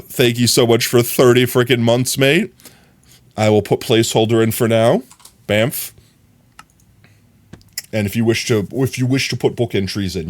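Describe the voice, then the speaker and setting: A man livestreaming, chatting casually with his viewers in an animated, filler-heavy way. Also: medium pitch.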